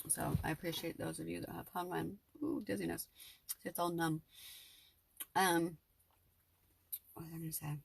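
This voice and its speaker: Husky gravelly woman, heartfelt rambling vlog. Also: fairly low pitch, steady tone, normal speed, long pauses, no room sound. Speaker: vlogger. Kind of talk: emotional personal vlog monologue.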